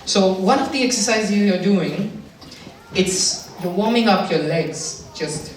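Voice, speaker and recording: A man's voice: high-pitched, animated, takes it slowly. A man doing stand-up comedy, teasing and coaxing the audience through a routine with self-mocking jokes. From India. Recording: distant mic in a very echoey hall with noise.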